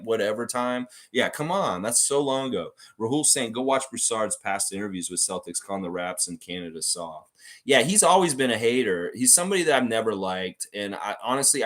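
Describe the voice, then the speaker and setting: A man's voice: lowish voice, fairly bright tone. A man hosting a fan livestream, reading viewer comments aloud and reacting in casual chat.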